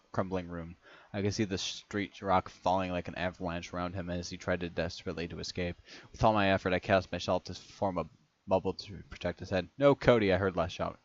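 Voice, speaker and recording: A man reading a first-person story aloud in a casual way, often stumbling on words, restarting them and clearing his throat. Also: low voice, no room sound. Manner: reads in first person, stumbles and restarts on words, breaks into long fits of laughter. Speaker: reader of fan fiction. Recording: dry, slightly dull home recording.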